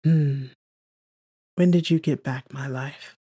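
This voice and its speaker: A woman voicing a charming male film star who murmurs tenderly, just above a whisper, in a low, dark voice. The voice has a gravelly edge and sits close and dry in an audiobook-style reading. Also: steady tone, unhurried, no echo, heavily acted. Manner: soft murmur, near whisper.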